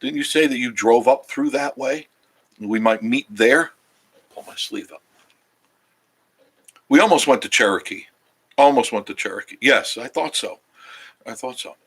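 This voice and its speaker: A man's voice: medium pitch, normal speed, long pauses, fairly bright tone, husky. A tired man chats casually with his audience from a cabin couch. He rambles, loses his train of thought and circles back, in an easygoing, friendly travel-vlog way. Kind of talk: casual live-stream chat with viewers. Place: cabin living room, sitting on a couch.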